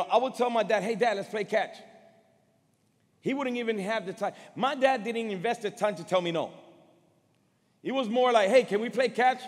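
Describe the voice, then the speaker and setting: A middle-aged man preaching a sermon built on a personal story. He talks in an emotional, halting way, repeating words as he swings between loud and soft. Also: high voice. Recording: long hall reverb, faint music.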